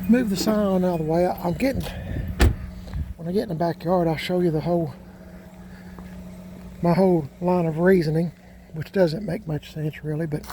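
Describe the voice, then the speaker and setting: An older man, rambling in a folksy way with many fillers as he narrates his vlog outdoors among cars. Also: a little high. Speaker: channel host. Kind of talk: casual vlog narration while moving cars. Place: outdoors in a yard, in and around cars. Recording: noisy outdoor recording with car sounds.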